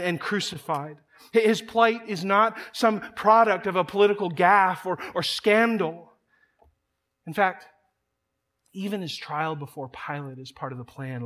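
A man's voice: high-pitched, fairly bright tone. A man preaching a sermon, emphatic and repeating words as he builds each point. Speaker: pastor.

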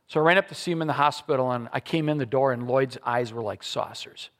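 A middle-aged man preaching a sermon to his church congregation, telling a personal story with lively acted-out voices and leading a prayer. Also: medium pitch, fast. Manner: animated storytelling, acting out quoted voices. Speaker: pastor. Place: church service before a congregation.

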